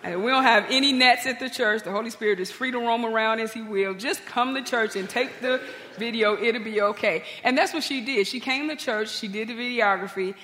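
A woman's voice: brisk, slight background noise. Woman pastor preaching with long hall reverb. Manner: lively, humorous storytelling with big pitch swings. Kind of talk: storytelling sermon.

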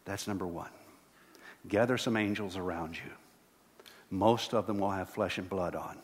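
Middle-aged pastor guy preaching, lower voice, big echoey church sound. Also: normal speed. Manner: earnest, rising to emphatic repetition. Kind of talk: sermon. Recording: long hall reverb.

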